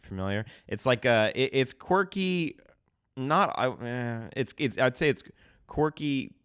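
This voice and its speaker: A man co-hosting a podcast in casual chat, easygoing, quick to laugh and to agree. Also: mid-range voice, lively intonation, a bit bright, smooth. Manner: easygoing, laughs often, short agreeing replies. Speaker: podcast co-host.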